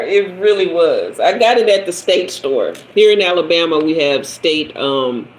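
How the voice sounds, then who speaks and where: Man hosting a live chat, unhurried and personal, voice sits a bit high. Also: sing-song, low-quality recording. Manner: chatty, personal storytelling, answers viewers by name. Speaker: livestream host, tarot reader. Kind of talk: casual livestream storytelling.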